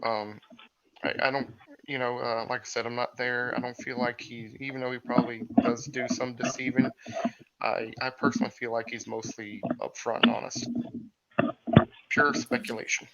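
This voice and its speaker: A man's voice: medium pitch, level tone, normal speed, lo-fi sound, heavy background noise. A man in casual chat, hesitant and full of restarts. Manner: hesitant, lots of restarts and ums.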